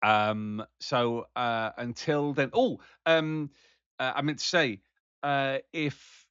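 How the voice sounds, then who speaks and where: A man's voice: mid-range voice, takes it slowly, a bit bright, clear, resonant tone, no room sound, muffled recording. A man co-hosting a casual podcast, rambling with lots of fillers and restarts. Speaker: podcast co-host.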